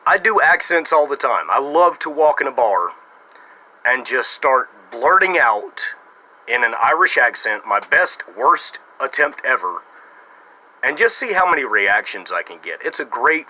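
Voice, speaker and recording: A man's voice: medium pitch, very animated, measured pace, pushed and bright, poor audio. An American man making a casual response video to camera, with a sarcastic, mocking manner. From United States. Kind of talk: casual talking-to-camera monologue.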